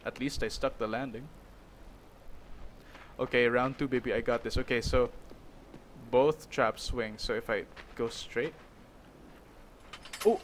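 A young man commentating a video game, excitable and jokey, talking to his character as he plays. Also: mid-range voice, measured pace, long pauses, slight background noise. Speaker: gaming YouTuber. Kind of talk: let's play commentary.

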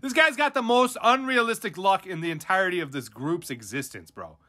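A man's voice: high-pitched, lively intonation, fairly quick, sharp tone. Hyped slangy young man. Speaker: host of card pack openings. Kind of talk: excited live commentary on pack openings. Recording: faint music behind.

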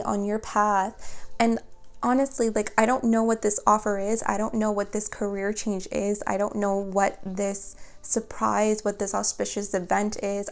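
A woman's voice: mid-range voice, darkish tone. A woman giving a spiritual tarot reading, talking earnestly and encouragingly straight to her viewers, with many fillers. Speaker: tarot reader.

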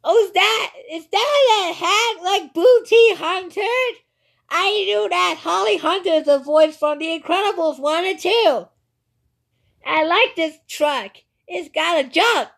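Very high-voiced woman rambling excitedly. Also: gravelly. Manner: excitable, halting, repeats words. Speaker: video commentator. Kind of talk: rambling reaction commentary.

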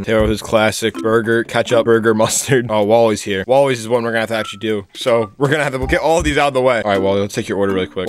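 Fast-talking young man joking over gameplay. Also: lowish voice, slight background noise. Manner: joking, trash-talks the customers, excitable outbursts. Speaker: gaming YouTuber. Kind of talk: casual gameplay commentary.

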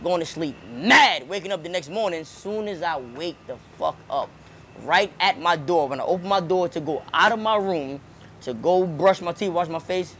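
A young man talks fast and loose, swearing and doubling up his words as he tells his story. His voice sits a touch high for a man. Faint background noise runs under the recording. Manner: animated, profane, slangy, repeats words. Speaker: rapper and comedian, interviewee. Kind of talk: casual storytelling interview.

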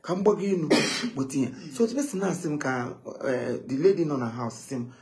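A man telling stories in a casual live chat, animated and often quoting others. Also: on the high side, moderate pace. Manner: animated, switching between English and Igbo, quoting others.

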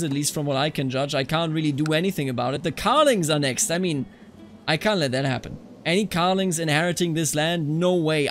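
A man from Bavaria commentating his own strategy game session, reacting with loud dismay and then resolve when things go wrong. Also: on the high side. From Bavaria, Germany. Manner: animated, reacts loudly to setbacks. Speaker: let's play commentator. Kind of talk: live gameplay commentary.

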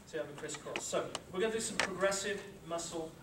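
A man's voice: fairly high pitch, quick pace. Man coaching a room through relaxation. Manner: coaching, repeats instructions, checks understanding. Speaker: sports psychology presenter. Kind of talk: live workshop talk with guided exercise. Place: lecture room with a live audience. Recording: echoey room, far from the mic, loud noise.

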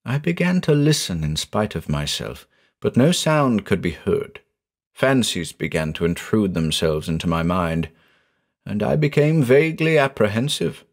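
Male narrator for a horror tale, measured and dramatic, pitch moving freely. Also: big pitch swings. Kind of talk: scripted horror story narration.

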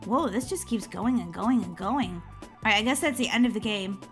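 A woman hosting a gaming channel, giving excitable let's-play commentary, giggling and shrieking when chased. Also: mid-range voice, normal speed, husky, faint music behind.

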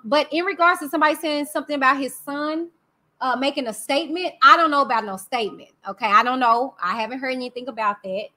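A woman with a Texan accent hosts a casual live stream. Her voice sits high and rings bright. She talks candidly and with energy straight to her viewers, full of "y'all" and "you know what I'm saying". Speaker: livestream host.

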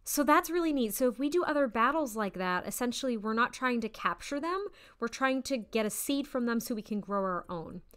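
A woman's voice: fairly high pitch, expressive, fairly quick, fairly bright tone, smooth. A bubbly young woman giving let's-play commentary with frequent giggles. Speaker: gaming YouTuber.

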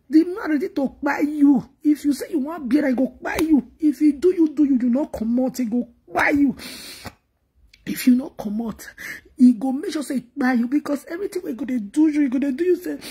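A vlogger with a Nigerian accent and a high, expressive, warm, slightly rough voice speaks at normal speed in an emotional monologue to her viewers. She pleads and laments, repeating herself, often near sobbing and slipping into whispers.

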